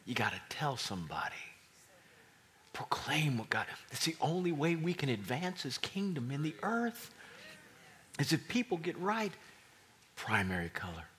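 A man delivers a sermon as a pastor, weaving a personal story into his message. His tone is bright and forceful. He drops to near-whispers for solemn moments, then rises to loud, excited bursts. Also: fairly high pitch. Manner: storytelling preacher, swings from hushed whispers to loud exclamations.

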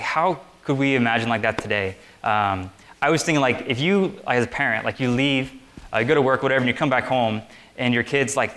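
A young preacher in the middle of a casual sermon addresses a group seated on chairs in a meeting room. His mid-range male voice is loose and easygoing, as if he's chatting with friends, and he uses lots of little fillers.

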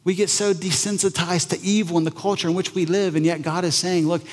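A male pastor preaching a conversational sermon, lively and often acting out the voices he quotes. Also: sits high, fairly quick, long reverb tail.

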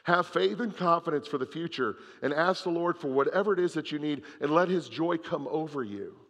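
A man preaching a sermon, reading scripture aloud and swinging between loud emphasis and hushed moments. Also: fairly high pitch, expressive, a little fast, long reverb tail. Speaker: pastor.

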